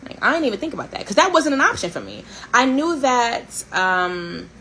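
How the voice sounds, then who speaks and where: A woman's voice: fairly high pitch, moderate pace, a little hiss or hum, rough recording. Candid sarcastic woman in her thirties. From Haitian family. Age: 30s. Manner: candid, sarcastic and animated, swears and laughs often. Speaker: host. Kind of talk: casual storytelling chat.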